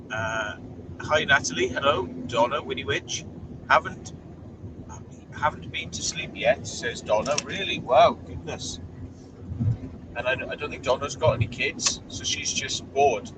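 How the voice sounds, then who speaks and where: Driving along, a man hosts a laid-back live stream from his car, chatting and reading out what viewers write. His mid-range voice is unhurried, broken by long pauses, and the distant mic catches plenty of loud car noise.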